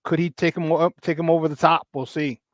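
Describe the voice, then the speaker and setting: A man's voice: on the high side, fairly quick, no room sound, clean studio sound. Hyped slangy sports show host, man. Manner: energetic, slangy, greets chat viewers by name, laughs often. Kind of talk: casual morning sports chat.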